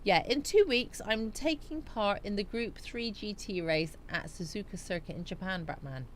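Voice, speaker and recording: A woman's voice: mid-range voice, moderate pace, a little hiss or hum. A woman hosting a casual live chat stream. She talks in a chatty way, reading out viewer comments and answering them, and she laughs at her own jokes.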